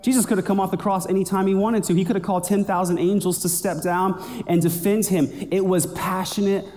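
A man gives a sermon in a relaxed, conversational preaching voice that builds with energy. His voice is mellow and sits a little high. The sound carries a long reverb from a big hall. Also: a little fast. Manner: conversational preaching, builds in pitch toward the end. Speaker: pastor.

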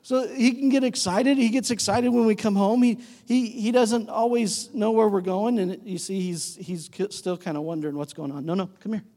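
High-voiced pastor preaching in a reverberant hall. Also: male voice, normal speed, hardly any pauses. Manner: conversational, animated when imitating talk to his dog. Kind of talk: sermon.

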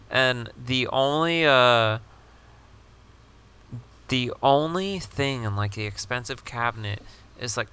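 A young man rambles through a laid-back podcast chat, piling up fillers and tossing in casual swears. His voice is very bright and edgy, with a smooth, crisp tone at a middling pitch. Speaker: podcast co-host.

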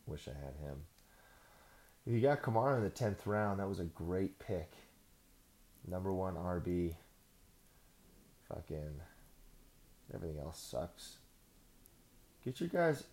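A man's voice: deep voice, a little slow, gravelly, pauses often, darkish tone. A man hosting a podcast, ranting casually in a profane, sarcastic, rambling way. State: out of breath. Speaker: podcast host.

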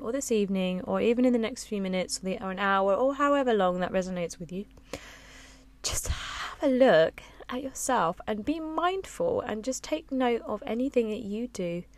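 Woman podcasting right up on the mic, low and a bit raspy, gravelly fry, dry sound. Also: dry recording. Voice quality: a little raspy; low and resonant. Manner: soft-spoken, close to the mic. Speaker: podcast host. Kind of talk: reflective solo podcast. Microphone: close-up studio mic with pop filter.

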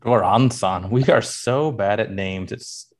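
Laid-back low-voiced man hosting. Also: expressive, moderate pace. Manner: enthusiastic, laid-back, many fillers. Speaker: podcast co-host. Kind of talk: casual chat.

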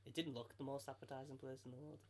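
A man's voice: medium pitch, level tone, quick pace. A man chatting casually with his siblings, telling rambling stories and joking. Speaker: co-host, brother. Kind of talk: casual family chat.

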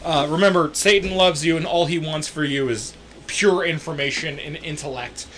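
A man's voice: a little high, normal speed, fairly bright tone, slight background noise. Crude, joking podcast host, a man. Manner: crude, joking, swears a lot. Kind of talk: casual chat.

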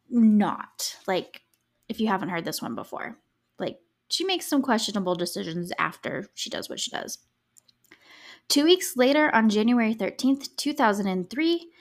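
A young adult woman hosting a true crime podcast, telling the case in a casual, sarcastic way, full of "like" and swearing freely. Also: medium pitch. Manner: chatty, sarcastic, frequent "like" filler, swears freely. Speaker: podcast host.

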